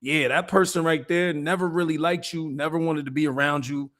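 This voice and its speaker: A man's voice: fairly high pitch, fairly even intonation, fairly quick, fairly bright tone. A man hosting a stream, giving laid-back, amused streetwise commentary. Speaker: livestream host. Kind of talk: casual commentary chat.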